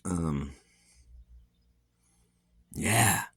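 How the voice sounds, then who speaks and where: Low-pitched man, slurred speech, sounds like false teeth, halting rambling vlog, bright forceful tone. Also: lively intonation, vocal fry, husky, no room sound. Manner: halting, many fillers and restarts. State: slightly slurred speech from a facial injury. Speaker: vlogger.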